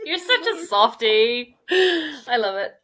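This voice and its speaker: A woman's voice: high voice, animated, slow pace, a bit bright. A young woman co-hosting a podcast in casual chat, easygoing, telling stories and answering her co-host with short, friendly replies.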